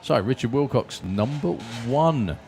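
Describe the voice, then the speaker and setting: A man's voice: mid-range voice, expressive, unhurried, dark tone. A man commentating live at a drag race from the track's tower, chatty and joking with his co-hosts.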